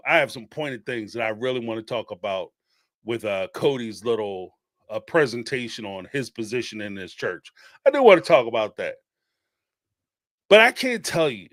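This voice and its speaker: A man's voice: mid-range voice, fairly bright tone, no echo, studio quality. A man hosting a reality TV commentary show, talking bluntly, swearing freely and laughing as he mocks what others said. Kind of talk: casual commentary monologue.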